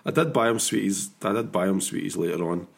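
A Scottish man in his forties hosting a podcast, chatting in a rambling, animated way and laughing often. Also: deep voice, quick pace, vocal fry, breathy edge. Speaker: podcast host. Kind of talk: casual chat.

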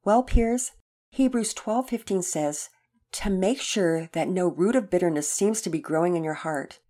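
A woman voicing a gentle, patient dad in a storybook, calmly explaining a lesson to his boy. Her lowered voice sounds steady and instructive. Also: moderate pace, lightly acted. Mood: teaching. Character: gentle patient father teaching his son. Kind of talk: storybook reading.

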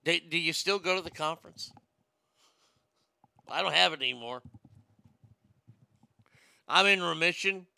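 A man's voice: on the high side, a little slow, gravelly, pauses often, sharp tone, clear, resonant tone, no room sound. A man hosting a casual show, reading news items and chat comments aloud and riffing on them with irreverent jokes, often stammering and restarting.

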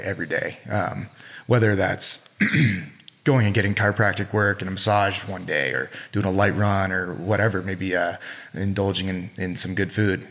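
Young guy on a podcast, low voice, laid back, trails off soft. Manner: easygoing, candid, with fillers and trailing off softly. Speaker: podcast guest. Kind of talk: casual podcast chat.

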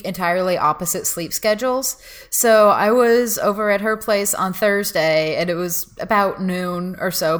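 A woman co-hosting a podcast, telling a story in a lively, emotional and self-mocking way during casual chat. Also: medium pitch. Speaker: podcast co-host.

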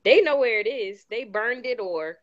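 Animated Baltimore woman, muffled audio. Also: fairly high pitch. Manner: animated, incredulous, quick asides. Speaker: podcast co-host. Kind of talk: casual chat.

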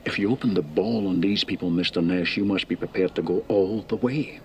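A gruff, hushed old Irish-American cop. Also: male voice, sits low, a little fast, a little hiss or hum. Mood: intense. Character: gruff older Irish-American beat cop, hard-nosed. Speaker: film character in a played clip. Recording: film clip with faint background ambience.

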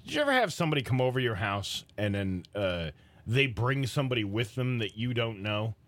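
A man's voice: mid-range voice, very animated, a little fast, a bit bright. A man co-hosting a casual podcast chat, rambling and joking with lots of fillers. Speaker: podcast co-host.

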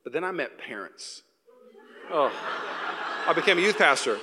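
A man from Seattle preaching a lively sermon to his congregation in a church, sometimes acting out shouting sports fans. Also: on the high side, moderate pace, in a large hall, noisy background. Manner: animated, acts out shouting fans. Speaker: pastor.

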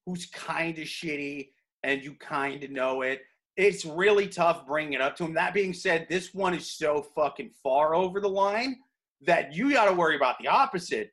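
A man's voice: on the high side, moderate pace, fairly bright tone. A man co-hosting a podcast, talking in crude, profane, jokey rants. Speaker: podcast co-host. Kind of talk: crude comedic banter.

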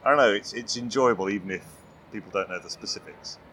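A man's voice: fairly low pitch, quick pace, fairly bright tone, a little hiss or hum. A man hosting a podcast, chatting playfully with his guest and laughing along. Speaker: podcast host. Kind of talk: casual interview chat.

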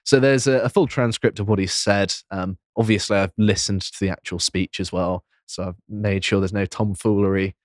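Low-pitched male podcast host, casual and measured, lots of ums, dry close mic. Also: fairly even intonation, no echo. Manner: reads quotes aloud, measured, frequent ums. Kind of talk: casual political discussion.

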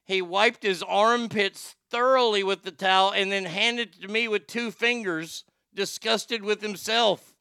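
A man hosting a comedic podcast, reading stories and ranting, with sudden loud outbursts and quiet muttered asides. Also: sits high, steady tone, unhurried, clean tone, dry recording, studio quality. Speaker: show host.

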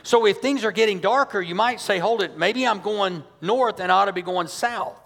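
Male pastor, high voice, emphatic conversational sermon, long church-hall reverb. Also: normal speed, gravelly, a bit bright. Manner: emphatic, conversational preaching with rhetorical questions.

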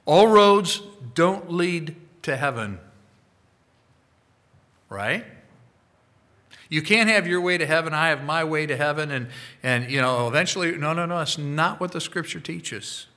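A man preaching a sermon, slow and deliberate, with sudden loud emphatic bursts. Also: fairly high pitch, lively intonation.

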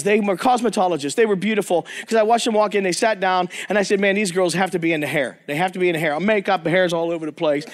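A man preaching to a men's ministry, telling jokey, animated stories and acting out the people in them. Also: high voice. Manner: animated, acts out quoted voices, jokey asides. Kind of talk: energetic storytelling sermon. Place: church or men's meeting hall.

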